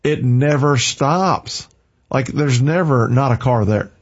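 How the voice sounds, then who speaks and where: A man's voice: mid-range voice, takes it slowly, highs cut off. A man with a Southern American accent, hosting a rambling, casual radio chat. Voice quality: folksy, rambling and chatty. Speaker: radio host.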